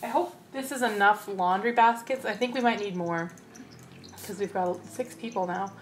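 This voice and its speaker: A woman's voice: medium pitch, moderate pace, slight background noise. A young woman giving casual, chatty commentary over her gameplay and talking to her game characters. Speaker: let's play host.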